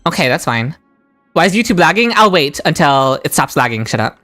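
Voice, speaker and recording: A woman streaming a game into a desk microphone, talking to her chat in a low voice. Her pitch swings wildly, and she breaks into shrieks and laughter when a roll goes her way. Quiet music plays under her. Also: moderate pace. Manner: excitable, shrieks and laughs at lucky rolls; chats with viewers in chat. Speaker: gaming streamer. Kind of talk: live-stream gaming commentary.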